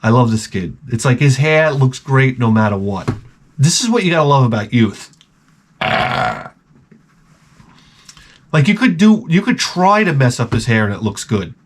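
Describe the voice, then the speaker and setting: A middle-aged man hosting his own channel, telling rambling, profane stories in a casual, animated way. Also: medium pitch, normal speed, pauses often. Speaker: channel host. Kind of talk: casual storytelling to camera.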